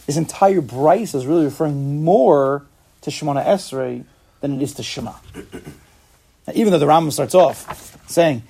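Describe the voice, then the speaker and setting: A man's voice: on the high side, normal speed, vocal fry, long pauses, dark tone, breathy edge. A man teaching an informal Talmud class, explaining step by step and asking and answering his own questions.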